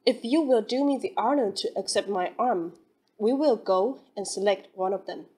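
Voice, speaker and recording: A woman voicing a courteous, formal young gentleman in an audiobook, speaking with polite restraint. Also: mid-range voice, normal speed, husky, natural voice.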